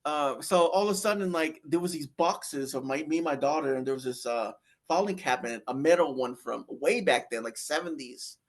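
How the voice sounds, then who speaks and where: With a moderate pace and a somewhat high voice, a man relates his near-death story as a guest. His delivery is casual and meandering, with frequent fillers and restarts.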